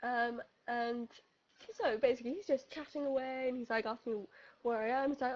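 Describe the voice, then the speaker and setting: A young woman telling friends a funny story in casual chat, animated and laughing, acting out voices as she goes. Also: on the high side, brisk, muffled recording. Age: young adult.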